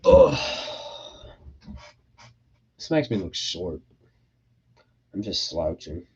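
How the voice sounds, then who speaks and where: A man's voice: deep voice, big pitch swings, drawn-out words, darkish tone, slightly rough. Young male streamer, casual and profane, reading chat questions, lo-fi audio. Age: young adult. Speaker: livestream host. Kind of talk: casual livestream Q&A. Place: his bedroom.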